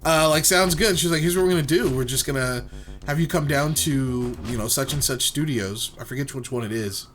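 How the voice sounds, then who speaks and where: A man's voice: mid-range voice, brisk, a bit bright. A man co-hosting a gaming show, telling a long, rambling story full of fillers. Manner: rambling, filler-heavy anecdote. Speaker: let's play co-host. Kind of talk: casual storytelling while gaming.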